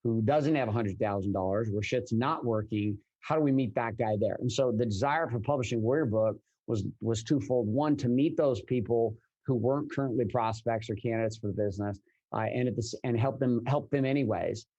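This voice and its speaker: A man speaking as a podcast guest in casual interview conversation, energetic and blunt, swearing freely and restarting his sentences often. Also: medium pitch, brisk, highs cut off. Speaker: podcast guest, business coach.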